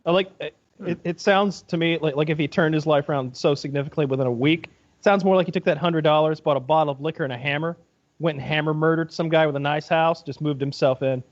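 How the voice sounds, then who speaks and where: A man's voice: a little high, quick pace, lo-fi sound. A man co-hosting a podcast, riffing in a joking, darkly comic way. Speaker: podcast co-host. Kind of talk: casual podcast banter.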